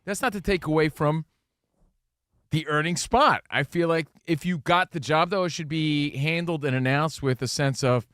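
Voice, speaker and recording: A man's voice: fairly high pitch, moderate pace, a bit bright, clear, resonant tone, no room sound, clean studio sound. A man co-hosting a sports radio show in casual banter, acting out quotes in funny voices. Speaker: radio co-host.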